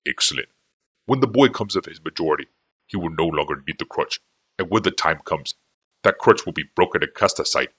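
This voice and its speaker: A man voicing a shrewd, menacing older male chieftain in a low, calculating tone. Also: lively intonation, fairly quick, a bit bright, slightly rough, dry recording, exaggerated voice. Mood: cold.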